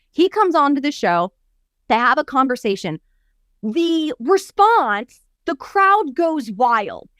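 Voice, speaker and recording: A woman's voice: sits high, takes it slowly, no echo, studio quality. A woman coach co-hosting a podcast in a casual chat, telling stories with a lot of animation. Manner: animated storyteller who acts out quotes. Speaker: podcast co-host and business coach.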